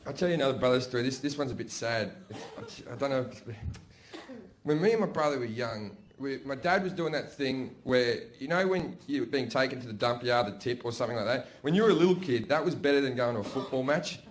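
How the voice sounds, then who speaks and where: A man with an Australian accent telling profane, animated stories as a stand-up comedian. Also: mid-range voice, fast. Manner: brash, profane, animated storytelling. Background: audience laughter.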